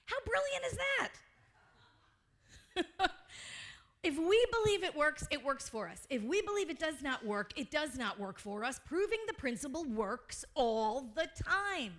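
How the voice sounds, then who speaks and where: A middle-aged woman, a reverend, preaching a sermon with animated storytelling and frequent laughter. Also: sits high, measured pace.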